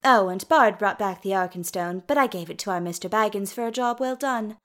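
A woman's voice: mid-range voice, fairly quick, natural voice. Woman reading as a teasing dwarf queen. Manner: sweetly teasing, lively.

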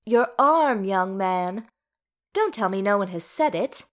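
A woman voicing a fierce, bossy dwarf mother who snaps orders and scolds in a sharp, commanding way. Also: mid-range voice, lively intonation, unhurried, lightly acted. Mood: scolding.

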